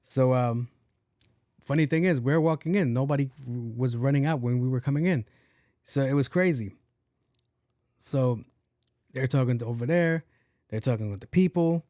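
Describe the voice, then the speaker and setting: A man's voice: mid-range voice, moderate pace, long pauses, dry recording, studio quality. Profane storytelling podcast host, man. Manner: animated, profane, acts out dialogue. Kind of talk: casual storytelling monologue.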